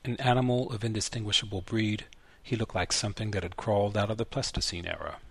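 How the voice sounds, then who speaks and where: A man narrating a literary short story in a measured, even way. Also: on the low side, gravelly, husky, no room sound. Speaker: story reader.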